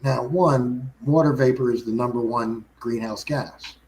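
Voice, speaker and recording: Talk show guest, male, mid-pitched, rambling delivery full of restarts. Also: steady tone, a little slow, a little mellow, rough recording. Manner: rambling, frequent restarts and self-corrections. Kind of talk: casual chat.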